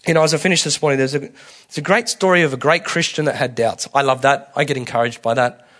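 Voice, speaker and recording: A man preaching a conversational sermon, candid and colloquial, restarting phrases and swinging between soft and loud. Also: medium pitch, fast talker. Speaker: pastor.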